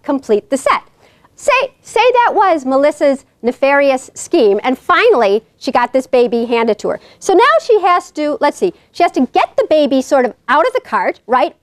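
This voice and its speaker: New York woman, high lively voice, joking guest lecturer, dry sound. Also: dry recording. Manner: animated, joking storyteller. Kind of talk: humorous lecture. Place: college lecture hall.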